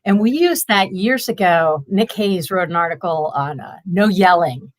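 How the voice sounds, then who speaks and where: A woman's voice: fairly low pitch, lively intonation, moderate pace. A woman who edits a magazine, telling stories in a chatty, amused way on a casual chat show. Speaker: magazine editor-in-chief.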